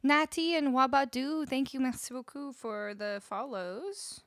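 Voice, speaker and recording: Speaking through a studio vocal mic, this young music streamer from Canada has a high-pitched, fairly bright voice and an unhurried delivery. She talks casually with her live stream audience in a Canadian accent, laughing a lot and reading their messages out loud. The studio-quality sound has no echo.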